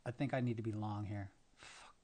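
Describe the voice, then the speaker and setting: A man's voice: on the low side, steady tone, fast, dark tone. A man with the hiccups doing live trading commentary and muttering to himself, frustrated and cursing. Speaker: day trader streaming his trades.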